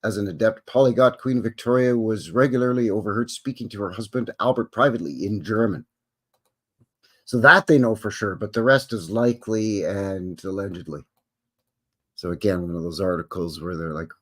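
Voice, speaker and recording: A man's voice: lowish voice, fairly quick. A man hosting a live stream, reading an article aloud and breaking off into casual, rambling asides full of fillers. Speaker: host. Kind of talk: reading aloud and commenting on a livestream.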